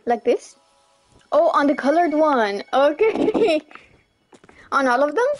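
Young female streamer, high and unhurried, chatty with squeals of excitement, faint game music underneath. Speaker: livestreamer. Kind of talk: casual gameplay livestream chat.

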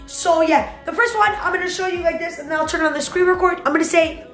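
A child YouTuber in an excited vlog, hyped and breathless, constantly saying "guys" and "oh my God". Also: very high voice, fast talker. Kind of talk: excited vlog with a screen-recorded texting prank. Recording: roomy echo with faint background music.

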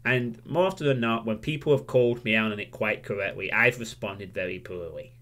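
A man's voice: lowish voice, brisk, a bit bright. A man livestreaming a candid, self-critical monologue; he swears freely and rambles, losing his train of thought at times.

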